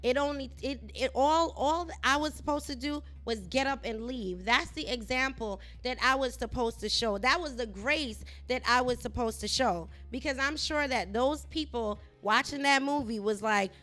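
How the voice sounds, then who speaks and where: A middle-aged woman hosting a Christian talk show, animated as she tells a personal faith story. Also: sits high, normal speed, few pauses, soft background music. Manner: animated storytelling, rising loud when reenacting herself.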